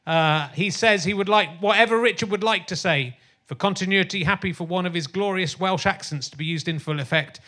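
A middle-aged man hosts a comedy podcast live on a theatre stage, chatting in stand-up style with sardonic rambling, crude asides, and lots of fillers. His voice sits high, sounding pushed and bright, a little fast.

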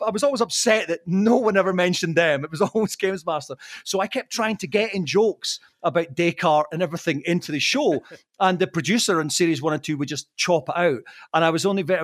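A man telling anecdotes as a podcast guest, laughing often, swearing, and slipping into quick impressions. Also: on the high side, dry recording, studio quality.

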